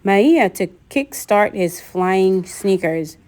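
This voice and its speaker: A woman's voice: medium pitch, expressive, takes it slowly, a little mellow. Woman doing a nervous satyr boy, mumbly, jittery, storybook voice.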